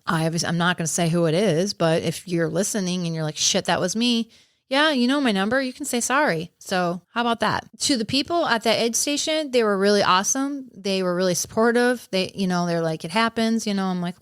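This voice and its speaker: A woman hosting a podcast who tells a personal story in a casual way, candid and lively, swearing and laughing often. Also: medium pitch, dry recording, clean studio sound. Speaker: podcast host and running coach.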